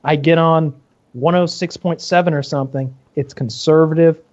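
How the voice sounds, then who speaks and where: A man hosting a podcast, telling a crude story in an animated, casual way over a video call with dull lo-fi audio. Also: a little high, moderate pace. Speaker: podcast host. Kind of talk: casual chat.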